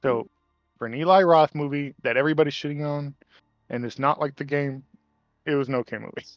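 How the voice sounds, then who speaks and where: A man chatting casually with friends over a voice call, hedging his points and quick to laugh. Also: a little high, no echo, dull audio, faint music behind. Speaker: player.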